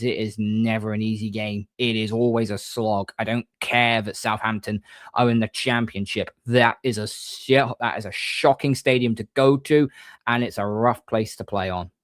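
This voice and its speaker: A man hosting a casual livestream, reading viewer comments and giving shout-outs in a rambling, chatty way. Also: fairly low pitch, no echo. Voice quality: rambling, frequent restarts, mate-and-bro shout-outs. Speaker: livestream host.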